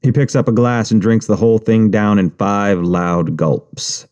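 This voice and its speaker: A man's voice: lowish voice, a little slow, few pauses, a little mellow, clear, resonant tone. A man narrating an audiobook in the first person, with a wry, profane inner-monologue manner.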